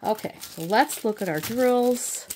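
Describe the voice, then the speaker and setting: A tired middle-aged woman chatting casually as she unboxes craft kits, rambling and thinking out loud with frequent restarts. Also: on the high side, unhurried, slight background noise. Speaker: crafting channel host.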